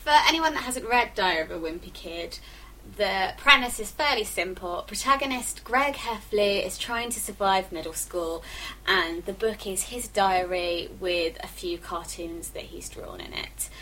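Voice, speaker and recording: A woman's voice: medium pitch, measured pace, pushed and bright, slight background noise, poor audio. A young woman co-hosting a podcast, chatting casually and reading aloud with playful comic emphasis. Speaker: podcast co-host.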